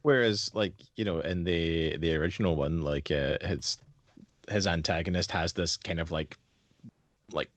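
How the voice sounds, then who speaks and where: A young man with a very low, deep voice talks loosely about a film on a podcast. He rambles, swears freely and acts out characters' lines. The sound is dry and close. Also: moderate pace, no room sound. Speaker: podcast co-host. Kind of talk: casual film discussion.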